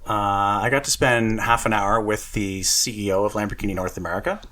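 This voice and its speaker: Man, lowish voice, casual podcast co-host, chatty, self-deprecating. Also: brisk, sharp tone.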